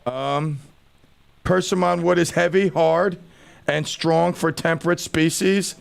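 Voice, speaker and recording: Radio host type: gravelly, a bit high-pitched man with playful, self-mocking chatter. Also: steady tone, slow pace. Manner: joking, self-mocking banter. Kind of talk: casual radio talk. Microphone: studio microphone.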